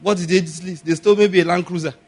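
A man preaching a sermon, telling stories and acting out the people in them with sudden shouts. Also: high voice, steady tone, fast, husky. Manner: storytelling, acts out quoted voices with sudden shouts. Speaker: pastor.

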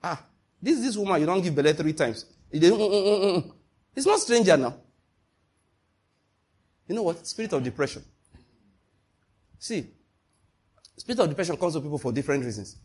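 A man preaching a sermon, animated and emphatic, asking his listeners one rhetorical question after another. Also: fairly high pitch, fairly quick, pauses often, husky.

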